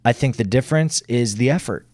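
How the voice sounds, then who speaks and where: An earnest man talks through a podcast in casual chat, reflective and blunt, with plenty of swearing. He keeps checking in with his listener by tagging "right?" onto his points. His voice sits at an ordinary middle pitch, recorded close and dry. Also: brisk, darkish tone, no echo. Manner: earnest, swears freely, leans on "right?" tags. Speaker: podcast co-host.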